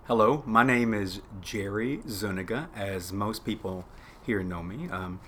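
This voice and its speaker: A man from San Antonio, Texas, gives a relaxed, rambling self-introduction, pausing on fillers. His voice sits fairly low. Faint room ambience hums behind him. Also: a little hiss or hum. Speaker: school staff member.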